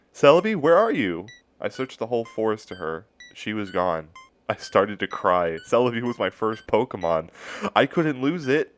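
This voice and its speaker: A man's voice: on the low side, fairly bright tone. A young man reading a creepypasta aloud, reading out the punctuation and breaking in with sarcastic asides. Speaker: story reader. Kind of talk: casual creepypasta reading with commentary.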